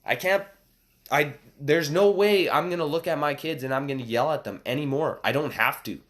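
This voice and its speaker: Excited man giving a motivational talk. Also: fairly high pitch, normal speed. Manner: excited, emphatic exclamations. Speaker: motivational speaker.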